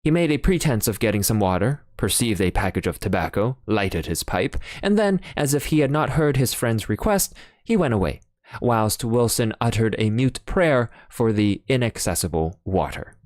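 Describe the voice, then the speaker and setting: Low-voiced man reading an audiobook. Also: sing-song, moderate pace, darkish tone, no room sound, studio quality. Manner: plain reading with occasional fillers and restarts. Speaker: audiobook narrator. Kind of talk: audiobook narration.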